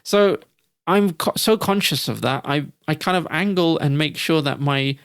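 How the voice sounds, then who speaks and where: A man's voice: fairly high pitch, moderate pace, gravelly, fairly bright tone, no echo, clean studio sound. A man co-hosting a podcast, talking in a reflective, hesitant way with frequent restarts. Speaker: podcast co-host. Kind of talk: casual podcast discussion.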